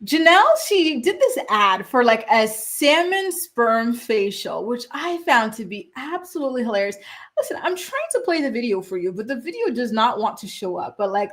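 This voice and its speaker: Woman, young adult, gossip show host, casual commentary, sassy, animated. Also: a little high. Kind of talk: casual pop culture commentary.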